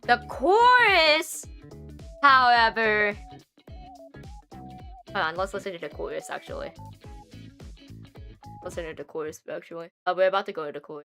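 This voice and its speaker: A woman's voice: medium pitch, expressive, normal speed, long pauses, pushed and bright, soft background music. A young adult woman livestreaming in casual chat. She rambles with many fillers and laughs often.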